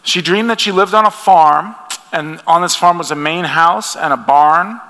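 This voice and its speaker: Gravelly, bright-voiced man preaching in a hall. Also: fairly high pitch, moderate pace. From United States. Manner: earnest, conversational preaching with restarts. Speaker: pastor. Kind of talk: sermon. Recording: long hall reverb.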